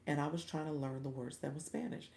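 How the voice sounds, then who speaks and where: A woman's voice: low-pitched, fairly even intonation, fast talker, gravelly, darkish tone, roomy sound, slight background noise. A middle-aged woman from Florida, hosting a casual livestream from home, chatty and often laughing as she talks to her viewers. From Orlando, Florida. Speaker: livestream host and coach.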